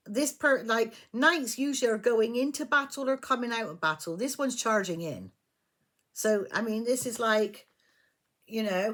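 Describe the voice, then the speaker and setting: A woman's voice: medium pitch, animated, moderate pace. Blunt, emphatic woman reading tarot. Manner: blunt, emphatic, swears freely. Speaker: tarot reader.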